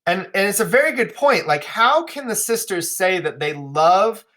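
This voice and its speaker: A man's voice: sits high, animated, moderate pace, bright, forceful tone. A male teacher walking a class through a play, talking casually and often checking in with "right?".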